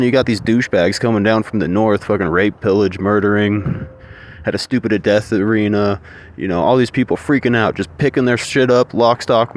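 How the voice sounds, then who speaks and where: A man in a rambling, profane, ranting monologue. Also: lowish voice.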